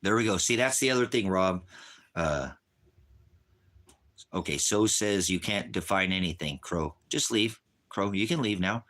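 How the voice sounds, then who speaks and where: A man who teaches homesteading on his livestream rants at a chat viewer, hurling insults, repeating himself, and stumbling as his anger rises. His voice sits low and sounds animated and fairly bright, at a measured pace broken by long pauses.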